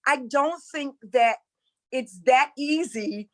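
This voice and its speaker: A high-pitched woman talks like a preacher. She speaks emphatically, repeats her points and calls her listeners y'all. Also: takes it slowly, a bit bright, low-quality recording. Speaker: spiritual coach and former preacher. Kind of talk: impassioned preaching-style talk.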